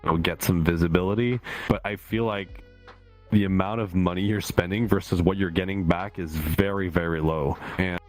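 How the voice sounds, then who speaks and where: A man from Quebec with a very deep voice talks loosely on a podcast. He rambles with fillers and jokes at his own expense, while soft music plays faintly behind him. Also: fairly even intonation, moderate pace. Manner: chatty, self-deprecating, frequent fillers. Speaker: podcast co-host. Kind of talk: casual podcast chat.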